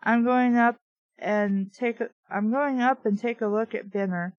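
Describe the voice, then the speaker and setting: A woman's voice: fairly high pitch, fairly even intonation, unhurried, no room sound, muffled recording, close to an everyday voice. A woman reading the lines of a worried young hostess in a book, in an earnest, reassuring way, with a dry sound.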